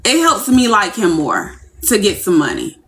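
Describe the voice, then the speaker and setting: Brash, animated woman livestreaming. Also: mid-range voice, moderate pace. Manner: brash, profane and animated, swooping into giddy squeals. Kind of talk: casual livestream rant.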